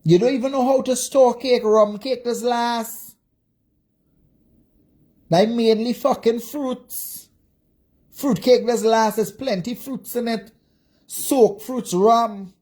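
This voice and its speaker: A woman with a Jamaican accent and a fairly high, mellow voice rants angrily on a livestream, speaking slowly with fairly even intonation and long pauses. This social media commentator fills her rant with constant profane insults and repeated cursing.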